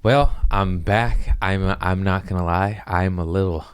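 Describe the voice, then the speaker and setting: A man's voice: low voice, steady tone, measured pace, smooth. A man hosting his podcast in a casual, rambling way, tired and self-mocking, swearing freely. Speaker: podcast host. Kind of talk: casual chat.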